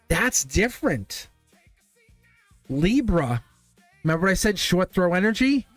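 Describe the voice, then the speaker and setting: A man giving a live-streamed tarot reading in a playful, animated way, laughing often and repeating his phrases. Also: sits high, a little slow, pauses often, no echo, soft background music. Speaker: tarot reader.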